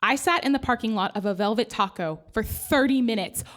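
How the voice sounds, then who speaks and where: A woman's voice: fairly high pitch, brisk, fairly bright tone. A woman telling a funny, self-deprecating personal story on stage. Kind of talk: live comic storytelling. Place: stage before a live audience.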